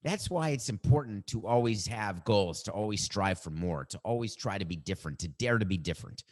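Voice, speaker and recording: A man's voice: fairly low pitch, lively intonation, fairly quick. A middle-aged man hosting a sports show, delivering an opinionated monologue in an emphatic, wry way and drawing out words for effect. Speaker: sports podcast host.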